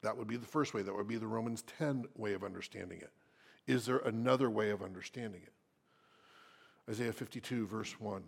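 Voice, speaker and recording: A male pastor preaching an expository sermon. He reads scripture aloud and asks the congregation questions, speaking slowly and deliberately. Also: on the low side, gravelly, breathy edge.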